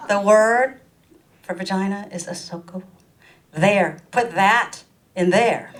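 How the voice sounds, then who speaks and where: Animated woman doing stand-up comedy. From Ohio, USA. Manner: animated, playful, acts out quoted voices. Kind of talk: stand-up storytelling. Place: small arts venue room. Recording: distant mic with faint rumble.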